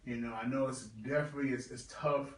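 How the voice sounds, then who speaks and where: Man in his thirties, halting livestream talk. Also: medium pitch, steady tone, echoey room, distant mic, rough recording. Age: 30s. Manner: halting, many fillers, heartfelt. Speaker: livestream host. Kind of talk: casual livestream tribute.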